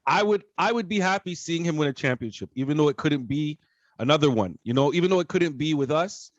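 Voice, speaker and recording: A man from Canada co-hosting a podcast, talking casually in a rambling, animated way full of fillers. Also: on the high side, a little fast, dry recording, dull audio. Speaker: podcast co-host. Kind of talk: casual chat.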